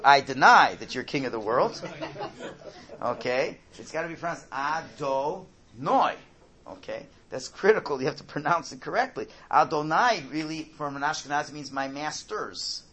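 A man teaching a religious class, explaining slowly, repeating his key points, and often checking in with "right?". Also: fairly high pitch, pushed and bright, a little hiss or hum. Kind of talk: classroom Torah lesson.

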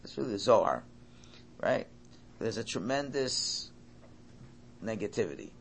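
A man's voice: on the low side, big pitch swings, measured pace, creaky, a little hiss or hum. A man giving a Torah class lecture, emphatic, often repeating and restarting his phrases. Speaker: Torah teacher.

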